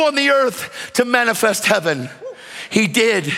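A man from the United States preaching a sermon, fervent, swinging between shouted calls and hushed storytelling. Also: high-pitched, big pitch swings, unhurried, creaky, big-room sound, a crowd in the background, background noise.

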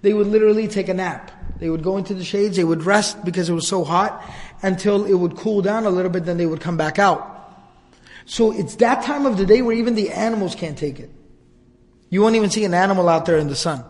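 A man giving a religious storytelling lecture, conversational and animated, with many repetitions. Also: high-pitched, a little fast, in a large hall. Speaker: religious teacher.

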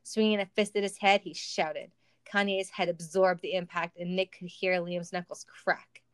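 Smooth-voiced woman reading a silly story. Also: fairly low pitch, fairly even intonation, normal speed, no echo. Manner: amused, laughs while reading. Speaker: story reader. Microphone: call with a listener.

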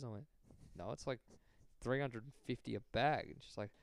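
A man's voice: medium pitch, normal speed, vocal fry, dry recording. A young Australian man co-hosting a podcast, chatting casually, swearing freely and laughing often as he tells stories. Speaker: podcast co-host. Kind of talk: casual chat.

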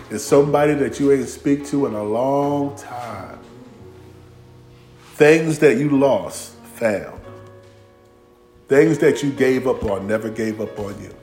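A man's voice: mid-range voice, slow pace, long pauses, faint music behind. A man preaching a sermon, playful and humorous, acting out voices of biblical figures in vernacular speech. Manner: animated, humorous preaching with acted-out dialogue; Southern-inflected vernacular, y'all and ain't. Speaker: pastor.

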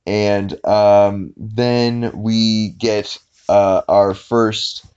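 Low-ish guy rambling thru a cartoon recap, lots of ums, dull lo-fi mic. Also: little pitch movement, darkish tone, clean tone. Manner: rambling, many fillers, quick bursts of cartoon voices when quoting. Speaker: podcast host. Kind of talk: casual episode recap.

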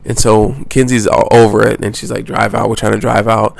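A young man from the United States tells a travel story in a loose, rambling way, swearing freely and restarting his sentences. His voice sits low and flat, with a gravelly edge. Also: brisk, no echo. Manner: rambling, profane, full of restarts. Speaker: travel vlogger. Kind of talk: casual storytelling.

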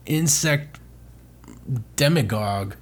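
A man with a somewhat husky voice reading game reviews on a casual podcast. He mocks each one with sarcastic, crude asides. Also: on the high side, expressive, slow. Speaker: podcast co-host.

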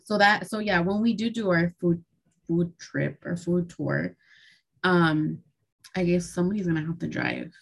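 A young woman co-hosts a podcast in relaxed chat, teasing her friend and trailing off mid-thought. Her voice sits a little low. It carries a gravelly, fried texture. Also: unhurried. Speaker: podcast co-host. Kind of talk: casual chat.

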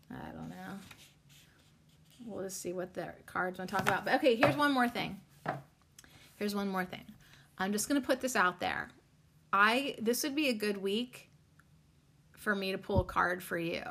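A woman's voice: on the low side, creaky, fairly bright tone, a little hiss or hum. A woman hosting her own podcast, talking in a chatty, rambling way with many ums and the odd curse word. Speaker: podcast host. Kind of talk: casual solo podcast chat.

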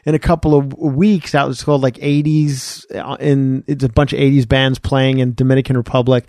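A comedian guest chatting casually on a podcast, telling rambling stories full of fillers and restarts. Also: male voice, mid-range voice, little pitch movement, fairly quick, mellow, dry recording, studio quality.

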